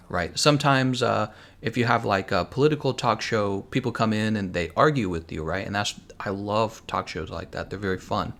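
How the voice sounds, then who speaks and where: A man's voice: lowish voice, fairly bright tone. A man streaming a game live, rambling as he thinks aloud and answers viewers' chat messages. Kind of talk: casual live-stream chat while gaming.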